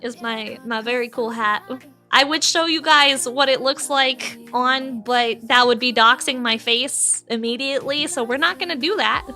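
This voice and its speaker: A woman's voice: high-pitched, normal speed, bright, forceful tone, soft background music. A woman streamer chatting casually with her live chat from home, giggly and swearing freely.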